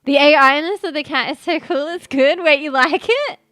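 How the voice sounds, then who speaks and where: A woman's voice: high-pitched, moderate pace, fairly bright tone, no echo. A woman streaming from a room at home, chatting casually and rambling with lots of fillers. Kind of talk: casual chat.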